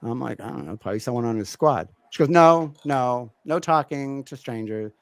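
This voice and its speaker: A man's voice: mid-range voice, animated, moderate pace, no room sound. A middle-aged man co-hosting a podcast, telling a family story in casual chat and acting out his kids' voices. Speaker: podcast co-host.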